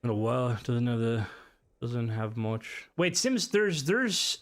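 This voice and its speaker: Animated, swearing male game streamer. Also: medium pitch, slow. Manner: chatty, swears freely, reacts aloud to the game and chat. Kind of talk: casual live gameplay commentary.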